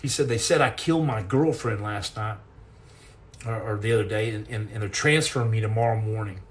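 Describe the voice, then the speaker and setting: A middle-aged man hosting a podcast, telling a personal story in an earnest, intense way, halting and repeating words as he goes. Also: fairly low pitch. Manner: earnest and intense, acts out quoted lines.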